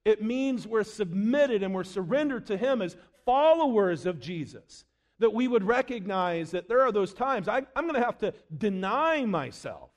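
A man preaching a sermon in a high voice. He drops low and quiet for quoted scripture, then pushes up louder and faster for emphasis. It comes across as dramatic preaching. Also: very animated.

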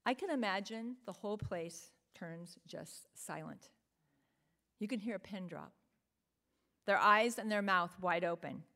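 A woman's voice: mid-range voice, lively intonation, measured pace, vocal fry, sharp tone. A woman preaching a sermon in an earnest, emphatic way, often asking the listeners rhetorical questions.

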